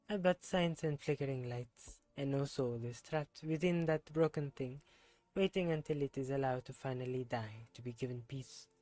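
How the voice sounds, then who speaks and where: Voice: medium pitch, dark tone, lightly acted, poor audio. A streamer reading game dialogue in a put-on French accent as a melancholy, pious scholar, formal and mournful.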